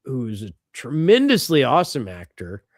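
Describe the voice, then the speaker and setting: A middle-aged man co-hosting a podcast in casual chat, animated and quick to swear and laugh. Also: mid-range voice, dry recording, clean studio sound. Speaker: podcast co-host.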